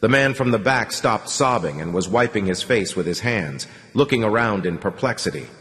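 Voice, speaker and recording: A man narrating a novel in a steady, measured audiobook reading. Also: lowish voice. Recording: long hall reverb.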